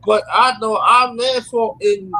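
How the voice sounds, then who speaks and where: A man's voice: very high-pitched, fairly even intonation, unhurried, pushed and bright, low-quality recording. A man with a New York accent, talking emphatically in a casual podcast discussion and often stammering and repeating words.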